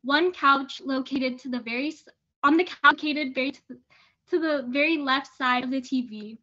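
A teenage girl reading an excerpt of her personal essay aloud at a student reading, earnest and steady with small restarts. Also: high-pitched, moderate pace. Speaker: student reader. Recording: dull lo-fi sound.

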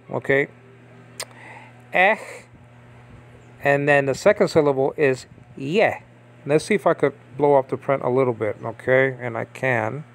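A man giving a casual Bible language lesson, talking conversationally and checking in often with his listeners. He pauses and restarts as he reads text aloud from a screen. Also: on the high side. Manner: conversational, checks in with frequent "okay?" and "you understand?". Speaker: Bible teacher.

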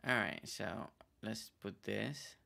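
A man's voice: on the low side, fairly even intonation, slow pace, creaky, sharp tone. A man streaming a game, chatting playfully with his viewers and joking around. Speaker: gaming streamer. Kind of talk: casual gameplay commentary. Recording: faint game music behind.

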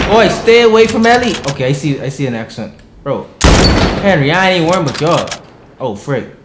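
A man giving let's play commentary, excitable and trash-talking the enemies, often bursting into shouts. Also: sits high, normal speed, pauses often, echoey room, very noisy. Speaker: gaming streamer.

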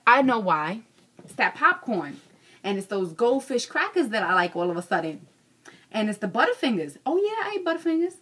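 A woman's voice: on the high side, a bit bright, breathy edge. A young adult woman ranting casually in a vlog, frank and self-mocking, cursing freely. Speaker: vlogger.

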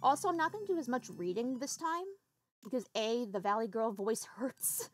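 A woman's voice: a little high, big pitch swings, moderate pace, soft background music. A woman streamer chatting casually with her viewers while setting up and playing a game, swearing offhandedly. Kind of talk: casual livestream chat while gaming.

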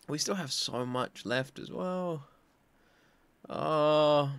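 A young man hosting an anime reaction, chatting casually, excitable and swearing freely. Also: fairly high pitch, extremely slow, long pauses, smooth.

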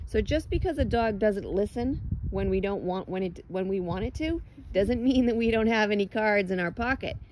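A woman's voice: medium pitch, lively intonation, moderate pace, darkish tone, a little hiss or hum, low-quality recording. A woman dog trainer coaching outdoors on a lawn, giving direct, encouraging instructions and explaining her methods.

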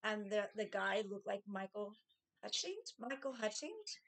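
A middle-aged woman telling casual stories from her past, chatty and animated, acting out what people said. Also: unhurried, creaky, slight background noise. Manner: chatty, animated, acts out quotes in a higher voice. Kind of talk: casual storytelling.

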